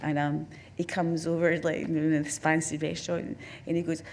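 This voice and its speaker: This is a low, flat, slightly mellow female voice at a brisk clip, with slight background noise. The speaker, a film director with a Glaswegian accent from Scotland, is a guest at an on-stage career conversation at a festival, rambling through anecdotes for the audience with lots of restarts and "you know"s.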